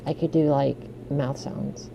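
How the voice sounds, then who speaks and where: A soft-spoken woman chatting on a live ASMR stream from her room. Her voice sits low with a gravelly fry, and she talks slowly. She giggles and apologizes often, and the home mic audio carries a noticeable hiss. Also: steady tone, dull audio. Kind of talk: casual live-stream chat. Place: home room with an air conditioner running. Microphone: studio microphone.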